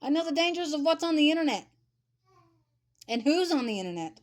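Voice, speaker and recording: A woman's voice: sits high, big pitch swings, fairly quick. A woman in her thirties giving a blunt, ranting commentary to camera, repeating herself for emphasis. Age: 30s. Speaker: vlogger. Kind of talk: casual commentary.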